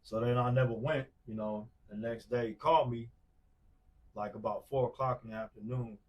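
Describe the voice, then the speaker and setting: Brief: man, forties, from Wisconsin, podcast guest storytelling, loose slang, mid pitch, recorded a bit off-mic. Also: fairly even intonation, moderate pace, lo-fi sound. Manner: loose, slangy, many fillers and repeated "bro". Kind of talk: casual storytelling chat. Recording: distant mic.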